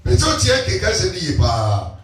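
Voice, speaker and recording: A man's voice: high-pitched, huge pitch swings, fast talker. Male pastor, call-and-response sermon teacher; echoey distant church sound with faint music. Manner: teaching call-and-response, repeating reader's lines.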